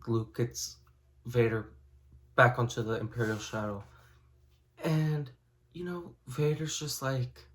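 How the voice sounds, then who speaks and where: A man's voice: mid-range voice, steady tone, slow, long pauses, fairly bright tone. A man with an ordinary mid-range voice talks through a book in a loose, casual review. He rambles along, leaning on "you know" and "like" as he goes.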